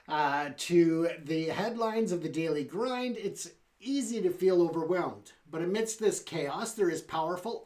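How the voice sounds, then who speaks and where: A man's voice: high-pitched, a little mellow. A man hosting a talk show, talking in a loose, conversational way. He drops in fillers and asides to his audience, and the delivery feels unscripted. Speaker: show host. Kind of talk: casual talk show monologue.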